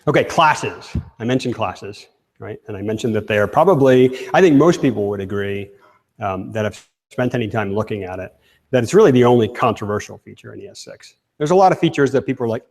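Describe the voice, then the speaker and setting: A man's voice: lowish voice, animated, brisk, darkish tone. A man giving a live technical talk, speaking casually and asking the audience questions. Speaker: conference speaker. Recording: long hall reverb.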